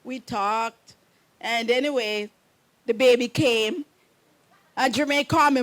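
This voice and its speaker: High-voiced mother, rambling fondly. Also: slow pace, pauses often, fairly bright tone. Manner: meandering, keeps saying "anyways", laughs often. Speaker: groom's mother giving a wedding message. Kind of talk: rambling personal storytelling.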